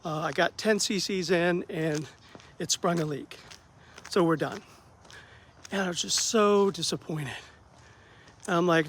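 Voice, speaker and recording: A man who works as a therapist, telling a story about his bad day in a casual vlog, acting out the dialogue with lively ups and downs. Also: high-pitched, unhurried, pauses often. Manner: animated, acts out quoted dialogue, self-deprecating.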